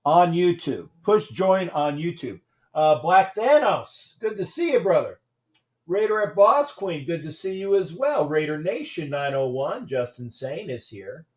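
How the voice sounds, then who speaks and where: A man with a slightly higher voice hosts a loose, rambling livestream. He greets his viewers one by one, repeats his words, and reacts to the plays of a live game. His voice rises and gets louder when the action heats up. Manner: gets loud and excited during big plays. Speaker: livestream host. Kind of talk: casual livestream chat and game commentary.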